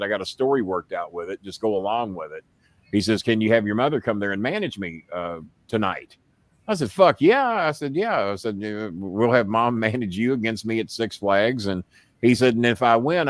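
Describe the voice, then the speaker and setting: A man hosting a live show, telling a story in a casual, profane way and getting loud when he quotes himself. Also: fairly low pitch, no echo. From United States. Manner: profane, animated, shouts when quoting himself. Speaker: host.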